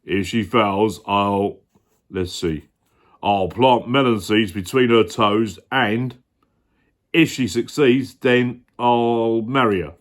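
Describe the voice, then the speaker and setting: A man voicing a bossy storybook king in a gruff, commanding voice. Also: fairly low pitch, slow.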